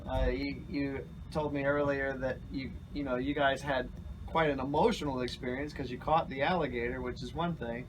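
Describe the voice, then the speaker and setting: A man's voice: mid-range voice, fairly even intonation, normal speed, noisy background. Easygoing interviewer man, far off mic. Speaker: interviewer, host. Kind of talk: casual interview. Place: outdoors at an animal park.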